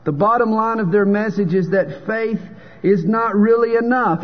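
High-voiced preacher in a reverberant hall. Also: male voice, slightly rough. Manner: emphatic preaching with dramatic pauses and told jokes. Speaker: pastor. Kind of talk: sermon. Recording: dull sound with long hall reverb.

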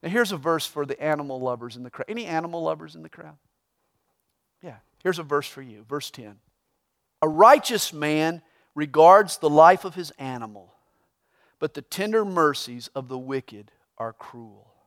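Pastor, male, high voice, reads verses then explains them with folksy humor. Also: moderate pace. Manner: preaching with humor, tells a joke with rising excitement. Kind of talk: sermon.

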